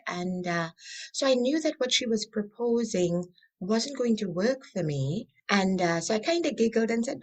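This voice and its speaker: A woman, a coach and interview guest, telling her story in an animated, expressive way. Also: on the high side.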